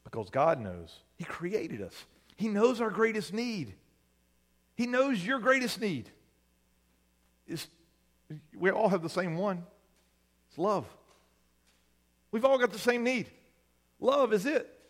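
A man's voice: high voice, very animated, takes it slowly, long pauses, fairly bright tone, big-room sound. A male pastor preaching a sermon in a conversational way, often asking the congregation "right?".

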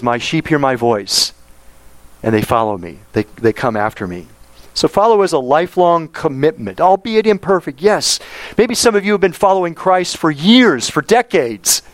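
Male preacher, slightly high voice, dry close sound, emphatic sermon delivery. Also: dry recording, poor audio. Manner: emphatic, drawn-out stresses on key words. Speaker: pastor.

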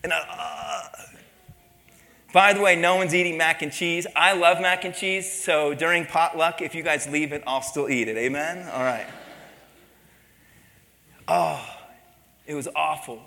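A man's voice: on the high side, a little slow, creaky, pauses often, pushed and bright, in a large hall. A man preaching a sermon as pastor, telling a personal story with mimicked voices and laughter.

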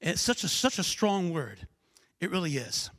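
A man preaching a sermon as pastor, animated and conversational, tossing in frequent asides to the congregation. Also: high-pitched, normal speed, no echo.

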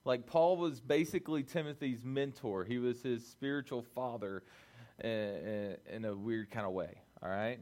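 A man preaching a relaxed, conversational youth-group sermon, often checking in with the listeners and restarting his phrases. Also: mid-range voice, normal speed. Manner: loose phrasing with restarts and fillers. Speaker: youth pastor.

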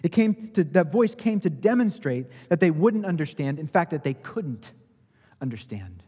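A pastor with a slightly high, husky voice preaches an expository sermon in a conversational way. He builds his points with everyday analogies and rises in force to stress them. His voice rings out with the long reverb of a large hall. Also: big pitch swings, moderate pace, dark tone. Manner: conversational, explains by analogy, swells in emphasis.

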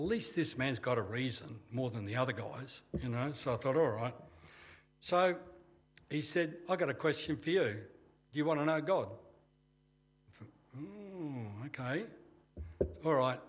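An older man with an Australian accent telling his personal faith story in a plain-spoken, conversational way with dry humor. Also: medium pitch. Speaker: testimony speaker.

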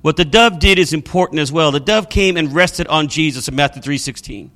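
Middle-aged pastor guy preaching, high bright voice, emphatic storyteller. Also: fairly quick. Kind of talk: sermon.

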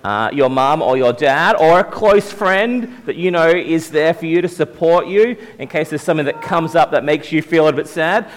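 A young man giving a gentle, conversational sermon to young people as their pastor, with many fillers. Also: on the high side, expressive, moderate pace, few pauses. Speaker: youth pastor. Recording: long hall reverb.

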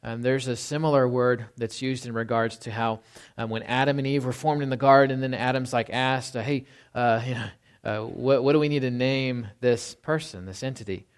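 A man's voice: mid-range voice, steady tone, smooth. Man preaching a conversational sermon. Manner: conversational, asks "right?" often, slows for scripture quotes. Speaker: pastor.

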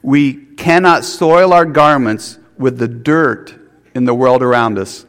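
A man's voice: medium pitch, slow pace, fairly bright tone, big-room sound. A man preaching a sermon, earnest, with restarts and rhetorical questions. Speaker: pastor.

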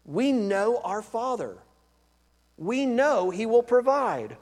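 A man's voice: extremely high pitch, sing-song, takes it slowly, darkish tone. A man preaching a sermon as pastor, emphatic and conversational, often repeating his points. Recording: long reverb of a large hall.

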